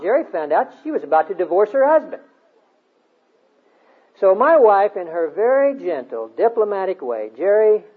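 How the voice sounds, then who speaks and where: Male preacher, earnest exhorting sermon, husky voice, phone-line audio. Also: high voice. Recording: tinny phone-like sound.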